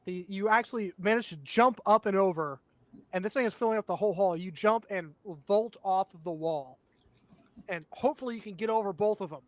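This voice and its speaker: High-voiced man narrating as game master. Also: a little fast, no echo. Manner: explains rules and describes action, laughs along with players.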